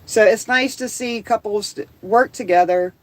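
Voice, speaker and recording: A woman's voice: mid-range voice, moderate pace, no echo, rough recording. Chatty Southern woman hosting a livestream. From American South. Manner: chatty, reads viewer comments aloud, laughs easily. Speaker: livestream host. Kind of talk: casual livestream chat.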